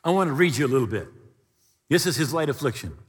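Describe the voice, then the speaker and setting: A man's voice: mid-range voice, big pitch swings, quick pace, husky. A man in his seventies preaching a sermon as pastor, reading scripture aloud with sudden rises and drops in his voice. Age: 70s. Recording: long hall reverb.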